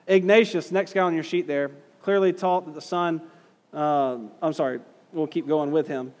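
A man teaches a class, talking in a relaxed, conversational way and reading passages aloud. His voice sits a little high, and he hits key words hard and puts questions to the room. A long reverb trails behind him, as in a large hall. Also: moderate pace. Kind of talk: classroom lecture reading historical quotes.

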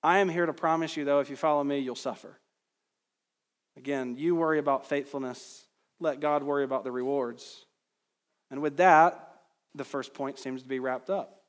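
A man's voice: medium pitch, steady tone, normal speed, long pauses, big-room sound. A man preaching an expository sermon in an earnest, emphatic way, with his voice climbing at points of stress. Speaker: pastor.

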